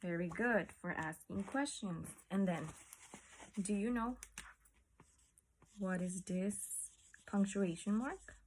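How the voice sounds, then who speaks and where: A woman's voice: mid-range voice, slow pace, pauses often, a little hiss or hum. A woman teaching a class, explaining patiently and asking her students questions. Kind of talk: classroom lesson.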